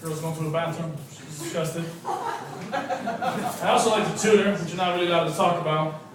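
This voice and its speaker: A man doing a stand-up set, swinging from loud, profane outbursts to muttered asides. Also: on the high side, normal speed. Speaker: stand-up comedian, English teacher. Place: comedy club stage before a laughing audience. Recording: echoey club, mic from far off, crowd noise. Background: laughing audience.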